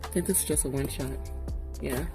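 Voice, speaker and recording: A woman vlogger in casual chat, relaxed and swearing freely. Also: very deep voice, fairly quick. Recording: music playing behind her voice.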